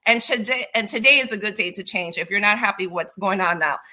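A woman's voice: mid-range voice, brisk, sharp tone. A woman talking earnestly in a casual chat, urging listeners to change their mindset, with frequent restarts. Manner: earnest, repetitive restarts, preachy encouragement. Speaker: guest.

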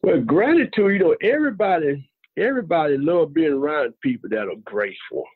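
A man calling in to a podcast, talking in a relaxed way with repeated phrases and lots of fillers. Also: fairly high pitch, fairly quick, dry recording. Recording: tinny phone line, husky.

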